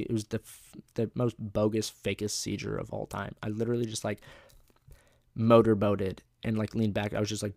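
A man's voice: fairly low pitch, vocal fry, a little mellow. A young man hosting a podcast, telling rambling, profane stories in a casual monologue and laughing at his own jokes. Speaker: podcast host.

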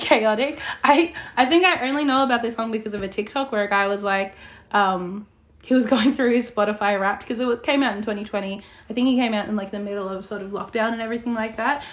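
A young Australian woman co-hosting a casual podcast from her lounge room, chatty and quick to laugh. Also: medium pitch. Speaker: podcast co-host. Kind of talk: casual chat.

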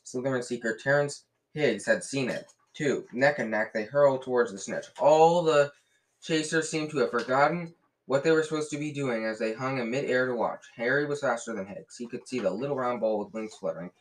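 A man reading a novel aloud in a lively way, often slipping and restarting words. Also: mid-range voice, fairly quick, poor audio. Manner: lively, with frequent slips and restarts. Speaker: reader.

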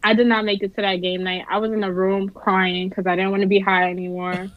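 Brief: lively, laughing woman, muffled dry recording. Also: mid-range voice, brisk, dry recording. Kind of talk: casual chat.

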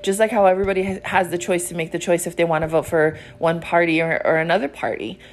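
A woman's voice: on the low side, level tone, fast, faint music behind. A woman hosting her own podcast, telling a story in a blunt, profane, casual monologue from home. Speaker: podcast host.

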